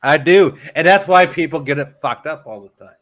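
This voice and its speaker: A man's voice: a little high, brisk, a bit bright, no echo. Joking, swearing man. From Michigan, US. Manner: joking, repeats catchphrases, heavy swearing. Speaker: livestream guest. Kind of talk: casual profane banter.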